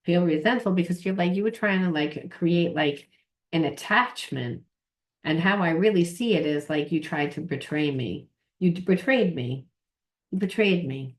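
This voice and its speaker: Low-voiced woman giving a rambling tarot reading. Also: moderate pace. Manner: rambling, repeats words, swears casually. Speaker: tarot reader and trauma coach.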